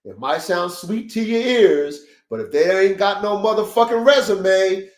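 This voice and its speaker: A high-voiced man hosting a dog podcast on a livestream, preaching to his listeners in short, repetitive, swear-laden bursts. His voice rings in a roomy, echoey space. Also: animated, measured pace. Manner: emphatic, preachy, repetitive pep-talk with profanity. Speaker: podcast host, dog breeder. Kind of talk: casual livestream podcast talk. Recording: roomy echo.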